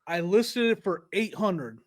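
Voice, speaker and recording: A man's voice: high voice, very animated, a little slow. A man co-hosting a casual podcast, joking around and laughing at his own jokes. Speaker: podcast co-host.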